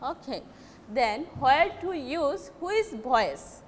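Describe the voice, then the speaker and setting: A woman teaching an English lesson, explaining slowly and often restarting or correcting herself. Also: sits high, very animated. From Bangladesh. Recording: reverberant hall with faint noise.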